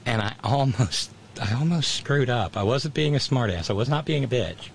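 A man's voice: medium pitch, animated, normal speed, gravelly, a little hiss or hum. A middle-aged man, casually chatting and reading viewer comments, rambling with many restarts and wry asides. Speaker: livestream host.

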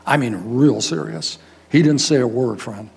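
An older man, a guest pastor, telling a story in a sermon in a folksy, animated way, acting out the people in it. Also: mid-range voice, a little slow, vocal fry, husky. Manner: animated, folksy, quotes people in raised voices.

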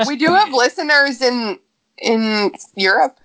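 A woman's voice: a little high, expressive, a little slow, fairly bright tone. A woman co-hosting a podcast, chatting frankly and teasing her co-hosts. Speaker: podcast co-host. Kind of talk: casual chat.

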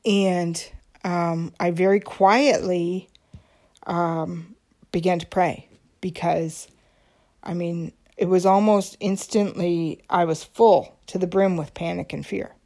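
A woman's voice: on the low side, steady tone, slow pace, a little mellow. A woman hosting a podcast, telling a personal story in a candid, confiding way, with frequent ums and restarts. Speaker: podcast host.

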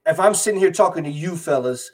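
A man with a slightly raised pitch explains his view in a relaxed group chat. He stumbles on his starts and acts out little examples as he goes. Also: fast talker.

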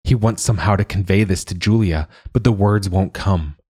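A man narrating a novel as an audiobook in a measured, even storytelling manner. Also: sits low, husky, no echo, studio quality.

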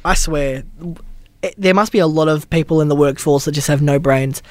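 A man's voice: a little high, moderate pace, darkish tone, dry recording. A man, co-hosting a podcast and telling blunt stories in casual chat. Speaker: podcast co-host.

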